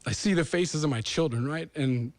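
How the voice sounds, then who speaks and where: A man's voice: on the high side, normal speed, no room sound. A man from the United States hosting a talk show, delivering an earnest, rambling monologue that turns emotional. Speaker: host.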